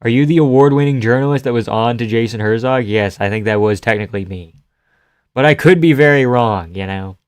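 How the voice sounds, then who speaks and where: A man's voice: medium pitch, a little fast, clean tone. A man live-streaming casual commentary on a fight, offhand and joking, swearing freely.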